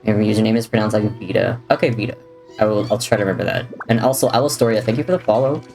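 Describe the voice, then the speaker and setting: Rapid-fire and a bit mellow, a man with a fairly low voice and vocal fry livestreams a video game. He reads chat, jokes about the game, and drifts between his viewers and the gameplay, with faint game music behind him.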